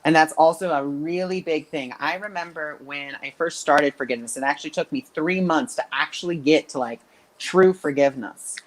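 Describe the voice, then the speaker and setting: Animated woman telling stories, lower voice. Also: normal speed, rough recording. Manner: animated, acts out quoted voices. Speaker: spiritual intuitive coach. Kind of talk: casual interview storytelling.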